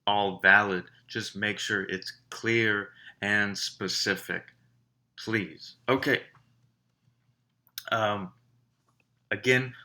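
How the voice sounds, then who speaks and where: A man teaching a writing class, walking students through a reading with measured explanations and rhetorical questions. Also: fairly low pitch, bright, forceful tone.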